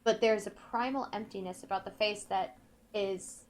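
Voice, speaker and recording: A woman playing a video game, reading in-game notes aloud slowly and carefully, breaking off now and then to comment. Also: medium pitch, steady tone. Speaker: let's play gamer.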